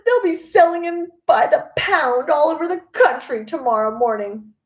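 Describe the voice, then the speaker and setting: A woman voicing a shrill, furious mother who shrieks indignantly at everyone. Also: lively intonation, moderate pace, reverberant.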